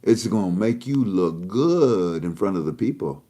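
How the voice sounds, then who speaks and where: A man hosting an online talk show, teasing an imagined listener with mocking banter and swinging between loud emphatic lines and low muttered asides. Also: expressive, a little slow. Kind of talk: casual monologue.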